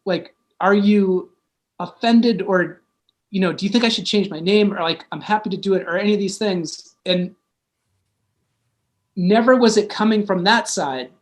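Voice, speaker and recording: A man's voice: sits high, moderate pace. A man, a guest musician and DJ, telling stories in a casual, rambling chat full of fillers.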